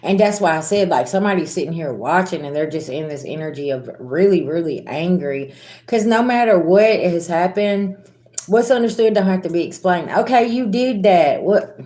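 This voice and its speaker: A woman's voice: lowish voice, normal speed, dark tone, echoey room. A woman giving a casual tarot reading to her viewers, talking bluntly with sass, slang and swearing. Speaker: tarot reader.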